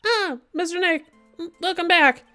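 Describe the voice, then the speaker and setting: A woman's voice: normal speed, pushed and bright, soft background music. A woman voicing a timid, polite little girl who stammers, reading game dialogue aloud. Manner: stammering, high and earnest.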